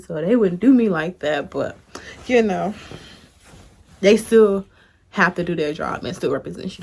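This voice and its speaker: A young woman vlogger telling a workplace story in an animated, chatty way, talking straight to her viewers and swearing freely. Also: mid-range voice. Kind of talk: casual storytime.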